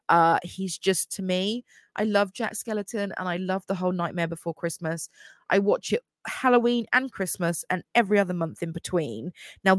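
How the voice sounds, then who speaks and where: A young woman with a lowish voice hosts her own podcast solo, chatting casually and gushing about books with lots of fillers. The sound is studio quality, with no room sound.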